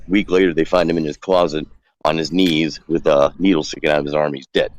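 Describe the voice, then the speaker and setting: Deep-voiced man telling a rambling story. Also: fast, a little mellow, dry recording, poor audio. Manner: rambling, acts out quoted dialogue. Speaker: guest calling in. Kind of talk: casual storytelling.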